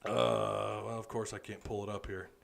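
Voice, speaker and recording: A man's voice: on the low side, level tone, moderate pace, vocal fry, fairly bright tone. A man hosting a casual live postgame talk, tired and rambling as he talks to viewers. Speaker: podcast host.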